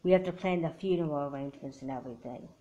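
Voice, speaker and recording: Woman playing a strict mom figure in a doll movie, blunt and scolding, lowish voice. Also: very fast, mellow, muffled recording, close to an everyday voice. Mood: grave. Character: stern disappointed mother. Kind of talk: home doll-movie voice acting.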